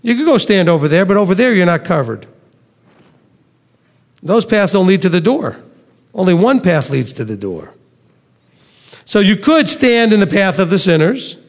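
A man with a high-pitched voice preaches a sermon to a congregation. He presses his points with rhetorical questions and sarcastic asides. His voice rings with the long echo of a large hall. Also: very animated, moderate pace, long pauses. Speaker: Messianic Torah teacher. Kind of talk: sermon to a live and online congregation.

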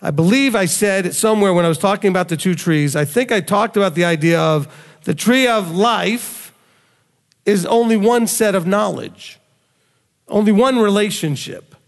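A man's voice: high voice, expressive, moderate pace, gravelly. A man teaching scripture in a conversational sermon style to a small group, acting out quoted lines with animation. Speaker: bible teacher. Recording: long hall reverb.

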